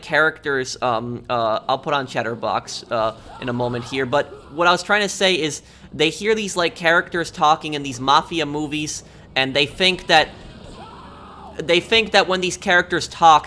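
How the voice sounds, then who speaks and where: A man's voice: on the high side, bright, forceful tone, a little hiss or hum. A man streaming a game, talking casually in a rambling rant full of fillers. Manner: rambling, filler-heavy ranting. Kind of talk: casual livestream chat.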